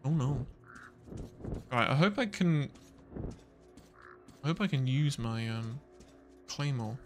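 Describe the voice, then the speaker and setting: A man streaming a video game, rambling and quick to laugh and exclaim as he plays. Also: medium pitch, animated, music in the background. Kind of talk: casual live gameplay commentary.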